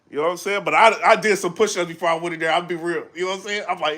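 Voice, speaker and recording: A man chatting casually on a live stream, animated and full of fillers, breaking into loud shouts when he gets excited. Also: high voice, racing, few pauses. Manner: animated, loose, full of fillers like "you know what I'm saying". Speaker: battle rap commentator.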